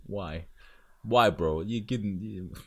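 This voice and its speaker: A man hosting a reaction video, giving blunt and animated commentary with loud outbursts. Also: low-pitched, slow pace, a little hiss or hum.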